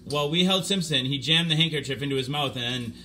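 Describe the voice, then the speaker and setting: Man reading fiction aloud, very bright tone, unhurried delivery, faint hiss behind. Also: fairly high pitch. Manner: plain, unhurried reading with light voicing of quoted boys.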